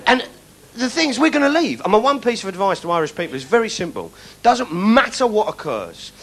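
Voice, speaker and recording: A man's voice: sits high, big pitch swings, brisk, background noise. A British man doing sardonic stand-up comedy as a mock tour guide. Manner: sardonic, jokey, puts on shouted voices for bits.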